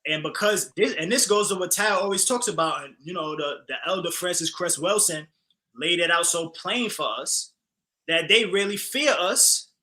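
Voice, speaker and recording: Bright, animated man in heated talk. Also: high-pitched, moderate pace, rough recording. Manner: animated, emphatic, frequent fillers and profanity. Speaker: podcast co-host. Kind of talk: casual heated discussion.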